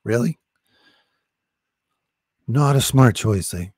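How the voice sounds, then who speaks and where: A man's voice: mid-range voice, animated, slow pace, darkish tone, no room sound, clean studio sound. A man preaching urgently about salvation and deliverance, pressing the listener to repeat a confession of faith. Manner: urgent, insistent, repetitive exhortation.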